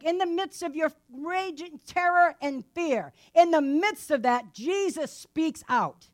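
A woman teaching a Bible passage in a casual, conversational sermon, often asking her listeners rhetorical questions and adding "right?" to her lines. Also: high-pitched. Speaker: preacher.

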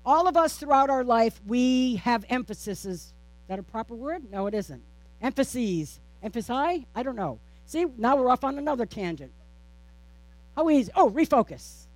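A woman pastor preaching a sermon, with a steady, repetitive preaching cadence, rhetorical questions and playful, self-teasing asides. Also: fairly high pitch, moderate pace, no echo.

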